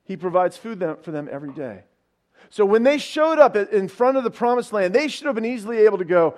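A pastor preaching a sermon, retelling a story in a casual way with asides and rhetorical questions. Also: male voice, high-pitched, expressive, fast talker, a little mellow.

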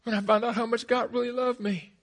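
A man in his forties preaching an energetic sermon with comic stories, laughing often and shouting at the peaks. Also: very high-pitched, fairly quick.

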